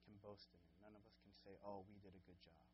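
A man's voice: low-pitched, fairly even intonation, quick pace, dull audio, a little hiss or hum. Earnest male pastor preaching a sermon. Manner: earnest, rising to impassioned pleading when quoting.

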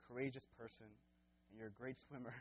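A young man preaching a casual sermon as a guest preacher, with many fillers and restarts, getting loud and high when he acts out scenes. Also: steady tone, fast, breathy edge, highs cut off.

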